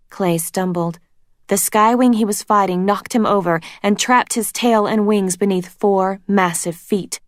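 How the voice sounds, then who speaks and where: A woman reading a storybook aloud in steady, unhurried narration. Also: mid-range voice, no room sound, studio quality. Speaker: reader.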